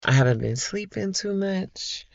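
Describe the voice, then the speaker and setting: A middle-aged woman vlogger chatting to her viewers, telling a personal story in a slow, heartfelt way and calling them y'all. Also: mid-range voice, expressive, vocal fry, no echo, lo-fi sound. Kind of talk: casual chat to viewers.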